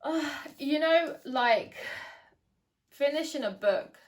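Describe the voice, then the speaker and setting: A woman's voice: high-pitched, expressive, slow. A young woman giving a casual book review, chatty and hesitant, with many ums and restarts. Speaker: book vlogger.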